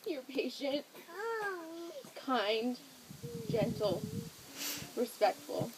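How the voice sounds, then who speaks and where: A woman's voice: medium pitch, animated, measured pace, long pauses, background noise. Tearful bride saying her vows. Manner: tender, emotional, fighting tears. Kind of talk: reading personal wedding vows.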